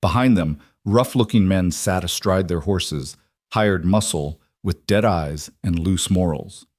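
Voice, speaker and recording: A man narrating a frontier story in a measured, dramatic way. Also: deep voice, darkish tone, no room sound, studio quality.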